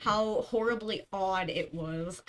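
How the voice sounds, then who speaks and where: A woman's voice: medium pitch, slow, a bit bright. A young woman streamer chatting casually, rambling through stories and giggling often. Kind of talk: casual chat.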